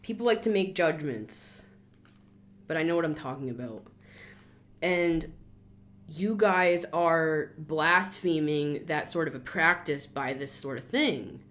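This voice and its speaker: A tarot reader in her 30s talks slowly in a slightly bright voice, giving a casual reading that's blunt and full of scolding. She stays emphatic and now and then shoots up into sudden high outbursts.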